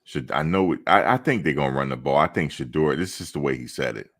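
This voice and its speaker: A man's voice: a bass voice, fast talker, fairly bright tone. A male host of a football fan show, chatting casually in a playful, joking, slangy way and repeating himself for emphasis.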